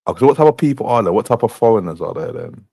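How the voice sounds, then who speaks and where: Radio host, very deep voice, deadpan teasing of callers, dry close sound. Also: male voice, very fast, vocal fry, breathy edge, dry recording, low-quality recording. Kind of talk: casual call-in banter.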